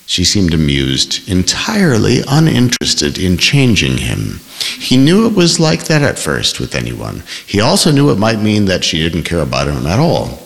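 A man narrates a literary novel in a fairly low voice. His delivery is expressive, with a wide, moving pitch. A long reverb trails each phrase. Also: vocal fry. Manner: measured, expressive reading. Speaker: audiobook narrator. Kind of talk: scripted narration.

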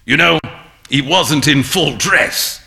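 An actor playing a boisterous, jovial man-about-town painter who shouts and laughs as he teases his friend. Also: on the high side, slow, vocal fry, full character voice. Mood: jovial, teasing. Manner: loud, laughing, teasing.

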